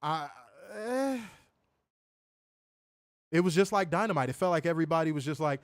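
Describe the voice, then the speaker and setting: A man co-hosting a wrestling review stream, answering viewer comments in casual, animated chat. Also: on the high side, moderate pace, long pauses, dry recording. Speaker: wrestling show co-host.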